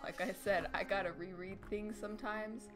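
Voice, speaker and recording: A woman in mid-range pitch chatting on a stream, teasing and full of "like"s. Music plays clearly behind her. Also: fairly even intonation, normal speed. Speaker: stream co-host. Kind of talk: casual stream chat.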